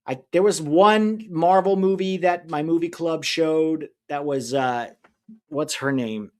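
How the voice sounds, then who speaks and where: This livestream watch-along host has a fairly high-pitched voice and a slow delivery. He chats loosely and reads viewer comments, rambling through easygoing opinions and often losing names partway through a sentence.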